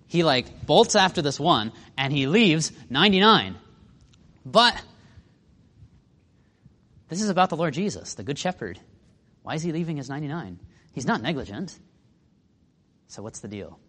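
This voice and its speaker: Man, Bible teacher, animated and fairly high voice, chatty, asks questions, long hall reverb. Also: normal speed, pauses often. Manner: lively, conversational, asks the listeners questions. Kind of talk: Bible lesson with slides.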